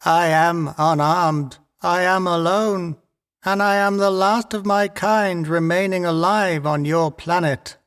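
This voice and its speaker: A man voicing a tiny, lone alien who speaks softly and slowly, pleading for mercy, in a storybook reading. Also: sits high, flat delivery, clear, resonant tone, big-room sound, voice pushed up. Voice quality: soft, slow and pleading.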